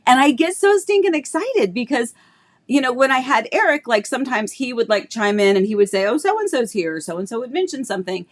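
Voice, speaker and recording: A woman's voice: fairly high pitch, lively intonation, a little fast. Chatty woman real estate host with a throaty cough. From Florida, United States. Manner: bubbly, chatty, greets viewers by name. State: tickle in her throat, coughing. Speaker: real estate agent hosting a live stream. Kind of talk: casual live-stream chat.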